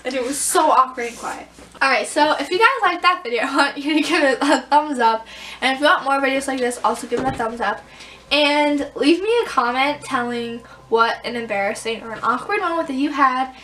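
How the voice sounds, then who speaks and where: A young woman vlogging, telling embarrassing stories in a giggly, animated way and acting out the scenes. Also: sits high, fairly quick, slight background noise. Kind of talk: casual storytelling vlog.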